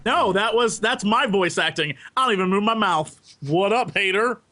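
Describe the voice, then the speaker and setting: A jokey podcast co-host, a man with a high, bright voice, chats excitably and keeps slipping into silly impressions. His pitch leaps around animatedly. A faint hiss sits under the recording. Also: moderate pace. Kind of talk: casual chat.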